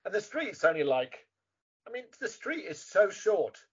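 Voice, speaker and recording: Lively Englishman with a husky voice. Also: high-pitched, moderate pace. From England. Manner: chatty, animated, mimics voices. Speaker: guest actor. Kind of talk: casual interview chat. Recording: muffled lo-fi remote audio.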